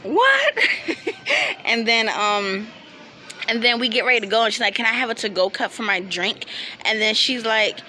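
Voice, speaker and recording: A young woman, casually telling a storytime with animated quotes and bursts of laughter. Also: fairly high pitch, slight background noise. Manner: animated, laughing, quoting friends in quick bursts. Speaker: vlogger.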